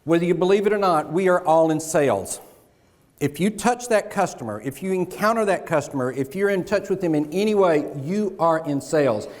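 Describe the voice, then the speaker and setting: A man's voice: fairly high pitch, lively intonation, darkish tone. A man from the American South giving a jokey, folksy keynote talk on sales to a conference crowd. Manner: jokey, folksy, with pauses for laughs. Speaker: keynote speaker. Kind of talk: motivational keynote speech. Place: large conference hall. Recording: long hall reverb.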